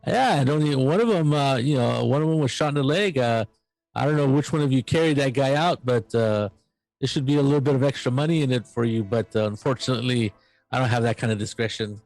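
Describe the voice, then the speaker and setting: A man's voice: mid-range voice, darkish tone, no room sound, soft background music, natural voice, poor audio. A man doing a blunt male mission handler. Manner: halting, full of fillers.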